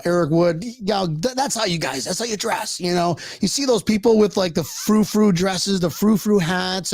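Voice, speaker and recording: A man with a high, light voice chats casually as a show's co-host, animated and quick to laugh, often breaking off and restarting mid-sentence. The sound is dry and close to the mic, with no room around it. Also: dry recording. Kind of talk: casual chat.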